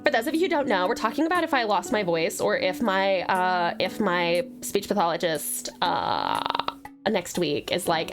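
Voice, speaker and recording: A woman's voice: fairly low pitch, big pitch swings, normal speed, music in the background. A woman from Tasmania, chatting casually on a live stream, thanking viewers by name and laughing often. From Tasmania, Australia.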